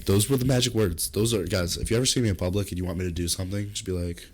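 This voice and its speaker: A young man with a very low voice tells a rambling party story on a casual podcast. He swears freely and keeps jumping into shrill, loud acted quotes. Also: racing, breathy edge. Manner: animated storyteller, jumps high into acted quotes; swears freely, comic deadpan asides. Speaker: podcast co-host.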